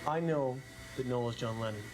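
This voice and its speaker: A man's voice: medium pitch, a little fast, lightly acted. An actor playing a young male film student who asks probing, determined questions, in found-footage style. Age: young adult. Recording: noisy handheld camera audio.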